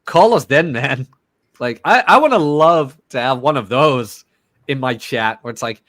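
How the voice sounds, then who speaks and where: A man's voice: medium pitch, animated, moderate pace, fairly bright tone. A man co-hosting a casual podcast chat, joking and acting out quoted people. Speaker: podcast co-host.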